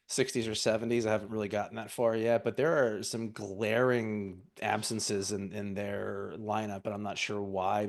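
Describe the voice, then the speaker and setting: A man co-hosting a podcast, explaining things at an even, measured clip. His voice sits low and plain. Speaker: podcast co-host. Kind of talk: casual chat.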